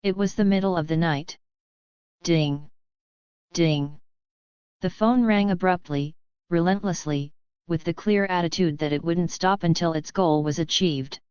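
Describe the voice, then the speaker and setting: A woman narrating a web novel audiobook in an even, measured way. Her voice sits a bit low and is very smooth and clear. The recording is dead dry and a little dull. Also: no echo. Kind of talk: scripted narration.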